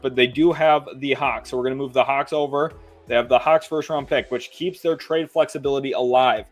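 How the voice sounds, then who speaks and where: Male sports streamer, average pitch, casual rambling delivery, light background music. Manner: conversational, reads lists aloud slowly, frequent fillers. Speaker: sports commentator. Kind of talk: casual livestream commentary.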